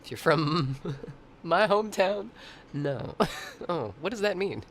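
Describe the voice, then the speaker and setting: Man, casual stream chat, fairly high voice, very animated pitch, swears a lot, rambling. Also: slow pace, slight background noise. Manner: rambling, swears freely, laughs often. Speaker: streamer chatting with viewers.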